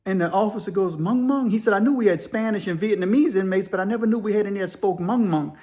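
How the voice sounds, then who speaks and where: A man telling a prison story in a casual, animated way, acting out voices and often restarting his sentences. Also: high voice, quick pace. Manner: animated, acts out voices with gibberish sounds, many restarts. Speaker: storyteller recounting prison life.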